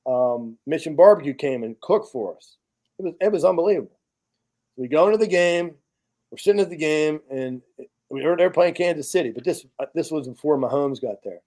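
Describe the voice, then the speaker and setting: A man's voice: a little high, expressive, a little fast, a little mellow. A man in a podcast chat, bluntly telling a profane story about his charity work with veterans. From United States. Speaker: podcast guest, charity founder.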